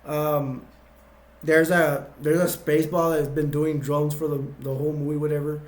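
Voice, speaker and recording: A man's voice: fairly high pitch, level tone, normal speed, a little mellow. A man casually retelling movie scenes scene by scene, rambling and restarting as he goes. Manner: rambling, full of fillers and restarts. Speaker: movie reviewer.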